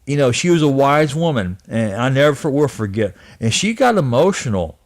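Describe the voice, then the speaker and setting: A man in his fifties recalling a family memory in a personal vlog, speaking earnestly and haltingly, often repeating and restarting his words. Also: medium pitch, big pitch swings. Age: 50s. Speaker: channel host. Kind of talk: personal reminiscence to camera.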